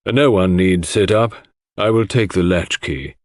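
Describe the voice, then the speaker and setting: A man's voice: low voice, a little slow, no room sound, clean studio sound. A man voicing a stiff, impassive husband speaking formally in a storybook.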